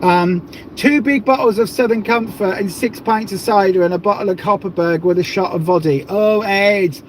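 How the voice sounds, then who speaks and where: High-voiced chatty man hosting a livestream. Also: normal speed, slight background noise. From south of England. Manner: chatty, rambling, jokey. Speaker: livestream host. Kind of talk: casual livestream chat.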